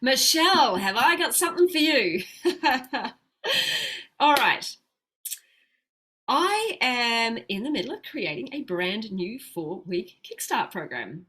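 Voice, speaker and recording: A plant-based health coach offers chatty, upbeat coaching on a live stream, laughing often and slowing down when she explains calm breathing. Her voice is a little high and husky.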